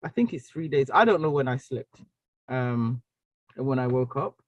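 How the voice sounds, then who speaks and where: A woman giving a personal testimony talk, telling her story with animated storytelling and acting out the dialogue. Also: rumbling low, normal speed, no room sound, dull audio. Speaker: speaker sharing a personal story.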